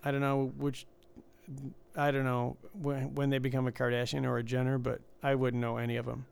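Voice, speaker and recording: A man's voice: mid-range voice, completely flat delivery, a little fast, creaky, clear, resonant tone. A man in casual chat, joking and riffing, laughing often.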